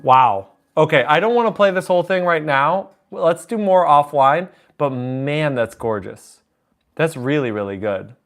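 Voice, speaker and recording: This livestreaming pianist, speaking at a normal speed in a voice on the high side, takes song requests between chatty remarks. He reads messages from the chat aloud and tosses in jokes while piano plays behind him.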